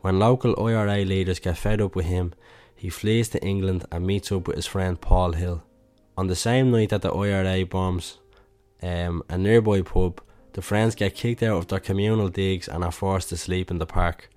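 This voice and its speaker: A man's voice: low-pitched, steady tone, moderate pace, darkish tone, soft background music. A young man with a Dublin Irish accent, hosting a casual solo podcast, rambling with lots of fillers and restarts. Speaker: podcast host and musician.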